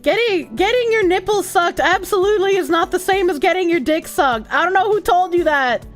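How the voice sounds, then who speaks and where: A woman with a Boston accent reads her chat aloud on stream in a high, bubbly voice. Her pitch jumps around constantly as she jokes. Faint music plays in the background. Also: a little fast. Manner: animated, laughs often, crude jokes. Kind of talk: casual chat, reading chat aloud.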